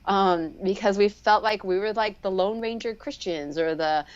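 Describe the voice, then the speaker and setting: A woman speech pathologist telling her personal story candidly as a guest in a live online interview, with lots of fillers and restarts, jumping high when she acts out what others said. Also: smooth, lo-fi sound. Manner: animated, acts out quoted voices with sharp upward leaps and laughter; frequent fillers and restarts, slows down on heavy moments. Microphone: video call.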